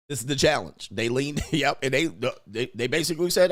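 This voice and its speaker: A man's voice: mid-range voice, expressive, normal speed, no echo. A man hosting a livestream, riffing in slangy talk, laughing often and mimicking people. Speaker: host and commentator. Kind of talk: livestream commentary.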